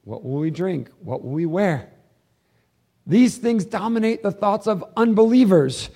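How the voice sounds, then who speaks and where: A man preaching a sermon as pastor, swinging between hushed, intimate passages and loud, fervent ones. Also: sits high, lively intonation, measured pace.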